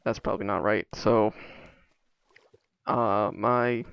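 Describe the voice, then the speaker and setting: A man's voice: lowish voice, steady tone, slow pace, gravelly, smooth, no echo, highs cut off. A man vlogging alone, telling stories in a casual, rambling way full of fillers and asides. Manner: rambling, many fillers, self-interrupting asides.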